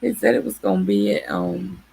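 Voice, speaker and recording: Woman livestream host, husky and gravelly, lively pitch, easy unhurried chat with viewers. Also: slight background noise. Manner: chatty, laughs often, greets viewers warmly by name.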